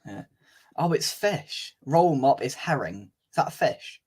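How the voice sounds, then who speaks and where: A man's voice: mid-range voice, animated, unhurried, a little mellow, slightly rough. A man hosting a casual fan live stream, chatting, reading out viewer comments and laughing easily. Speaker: fan channel host.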